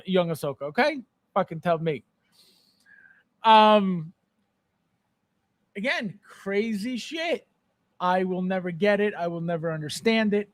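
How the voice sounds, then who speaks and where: A man's voice: high voice, no room sound. A man hosting a live collector show, ranting with exasperation and repeating himself as he answers chat. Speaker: podcast host. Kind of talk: live-stream chat with viewers.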